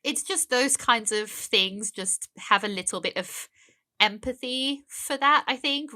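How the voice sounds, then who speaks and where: A woman's voice: mid-range voice, sharp tone. A young adult woman speaking as a podcast guest, earnest and emphatic, with many fillers and restarts. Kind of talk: casual conversational interview.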